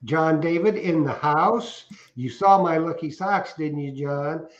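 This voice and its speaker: This middle-aged livestream co-host has a fairly high voice and a slightly slow delivery. Chatting casually, he goes through viewer comments and tells meandering, jokey stories he laughs at himself, with the roomy, muffled sound of lo-fi stream audio.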